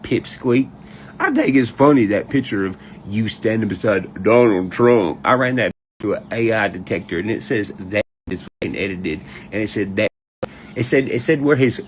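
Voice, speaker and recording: A man rants to his audience, his pitch swinging widely as he mocks people in squeaky put-on voices. He curses freely and laughs between lines. A faint hum of room noise sits under the voice. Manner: animated storytelling, mocks others in high put-on voices, heavy cursing, laughs often. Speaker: online commentator ranting to his audience. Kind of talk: casual profane rant.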